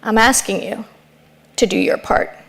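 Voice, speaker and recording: A woman putting on her older mother's voice, soft and patient as she gently chides her daughter. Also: high voice, expressive, normal speed, creaky, heavily acted. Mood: gentle scolding.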